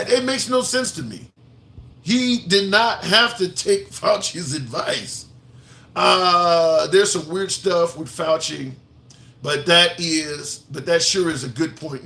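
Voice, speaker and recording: A man with a gravelly, bright voice argues his point in a political commentary stream. He keeps asking rhetorical questions and circling back to repeat himself. His tone is forceful and edged. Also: fairly high pitch. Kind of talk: opinion commentary livestream.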